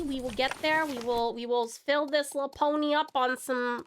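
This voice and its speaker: A woman's voice: high-pitched, fairly even intonation, moderate pace, few pauses, a little hiss or hum. A young woman streaming a game, chatting with her viewers, giggling often and swearing freely. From Tasmania, Australia. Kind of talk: casual game-stream commentary.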